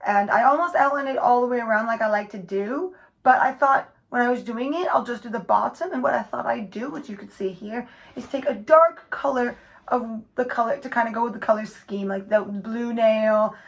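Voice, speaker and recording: A woman's voice: fairly high pitch, normal speed, low-quality recording. Chatty woman narrating her nail art. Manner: chatty, rambling, self-correcting while working. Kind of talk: casual tutorial narration.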